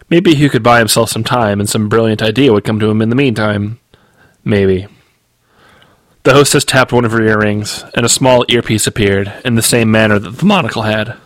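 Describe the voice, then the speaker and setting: A man, the author, reading his novel aloud in steady, measured audiobook narration. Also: on the low side, no echo.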